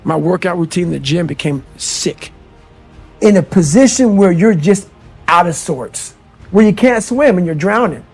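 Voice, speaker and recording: A middle-aged American man delivers blunt, profane motivational talk, calling his listeners "man" and "bro." His high-pitched voice is animated and a little mellow with a breathy edge, at a normal speed. Faint music plays in the background.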